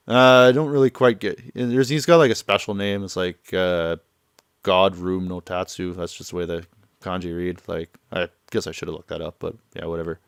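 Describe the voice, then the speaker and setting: Smooth low-voiced man rambling casually. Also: no room sound, studio quality. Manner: rambling, offhand, translating on the fly. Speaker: let's play commentator. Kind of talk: casual gameplay commentary.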